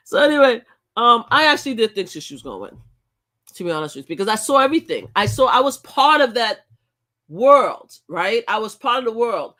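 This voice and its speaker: A woman's voice: on the high side, very animated, a little fast, a bit bright. An older woman hosting her own live stream, talking bluntly and animatedly, repeating words and laughing often as she chats. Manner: blunt and outspoken. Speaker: livestream host. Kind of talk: casual live-stream chat.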